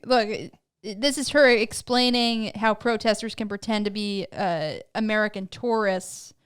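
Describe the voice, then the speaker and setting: A woman's voice: medium pitch, measured pace, smooth. A young adult woman co-hosting a podcast in easygoing casual chat, laughing along. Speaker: podcast co-host.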